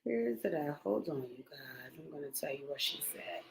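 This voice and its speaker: A woman's voice: low-pitched, animated, normal speed, gravelly. A woman in her forties giving casual, rambling commentary on a livestream from her phone, full of slang and repeated phrases. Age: 40s. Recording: roomy echo.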